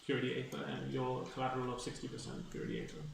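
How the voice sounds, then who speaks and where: A man narrating as game master in a tabletop game, pausing to think as he describes things. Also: mid-range voice, lively intonation, creaky. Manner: hesitant, thinking aloud with fillers. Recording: echoey noisy room, distant mic.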